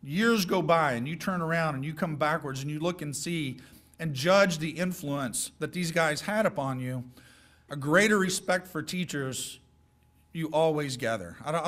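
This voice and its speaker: Man, middle-aged, guest speaker, folksy and joking, direct advice to students, slightly high voice. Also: fairly bright tone. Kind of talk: speech to high school seniors.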